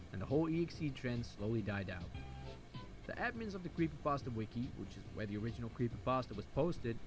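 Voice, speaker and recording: Man, brisk wry narration, animated pitch, music underneath. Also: low-quality recording. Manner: quick, lively, wry narration. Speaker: YouTube narrator. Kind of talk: narrated internet history video.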